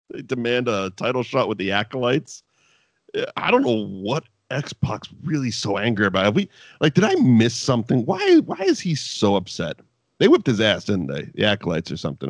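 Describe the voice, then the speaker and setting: A man's voice: medium pitch, no echo, clean studio sound. A man co-hosting a casual chat podcast reviewing wrestling, swearing freely and breaking into mock voices.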